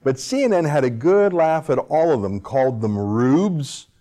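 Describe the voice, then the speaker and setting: A man in a sarcastic opinion monologue, needling his targets with rhetorical questions. His voice sits in an ordinary middle pitch, and he swings between quick runs and drawn-out, pointed phrases. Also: expressive, dark tone. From Canada. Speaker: political commentator host.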